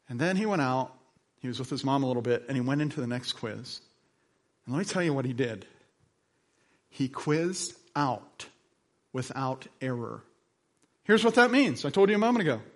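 A male pastor preaching a sermon, moving from quiet, slow passages to loud, emphatic ones, with chatty asides as he tells stories. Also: lively intonation. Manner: dynamic delivery, swinging between soft lows and emphatic highs; conversational storytelling with asides.

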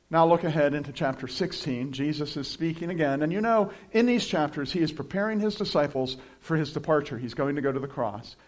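A male pastor preaching a sermon in a relaxed, conversational way, with chuckling asides between scripture readings. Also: on the high side.

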